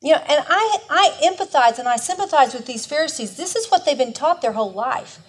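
Woman, Bible study teacher, a bit high-pitched, earnest, conversational, emphatic in personal stories. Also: expressive, fairly quick. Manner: earnest, conversational, often restarts mid-sentence.

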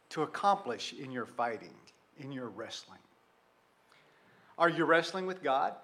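A man's voice: on the high side, normal speed, fairly bright tone. A man, preaching a sermon and telling a story from his youth in a conversational way, full of rhetorical questions. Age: 60s. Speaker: pastor.

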